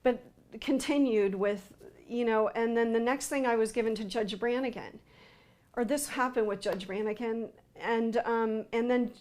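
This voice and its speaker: A woman recounting a personal account in an interview, speaking haltingly with frequent fillers and restarts. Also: fairly high pitch, a little mellow.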